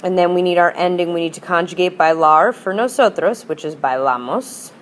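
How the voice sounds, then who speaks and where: A woman's voice: lowish voice, brisk, slight background noise. A woman teacher explaining grammar in a patient, upbeat lesson and modelling example phrases for students. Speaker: Spanish teacher. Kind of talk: recorded classroom lesson.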